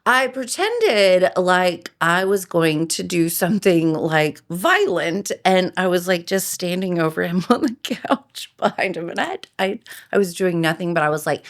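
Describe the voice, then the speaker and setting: A woman hosting a podcast, chatting casually and telling animated stories with frequent laughter. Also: lowish voice, unhurried. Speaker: podcast host. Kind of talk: casual chat.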